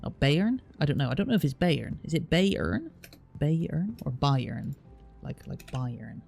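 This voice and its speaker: Soft music plays behind a Southwest England man with a southern accent who chats casually on stream, thinking aloud with many fillers. His fairly high, slightly mellow, creaky voice swings widely in pitch at normal speed.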